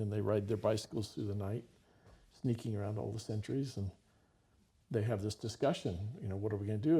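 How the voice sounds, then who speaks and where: A man with a low, gravelly voice spins a story in relaxed conversation, slipping into the characters' lines as he goes. His tone is dark and mellow with a husky edge. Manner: vivid storyteller, acts out dialogue.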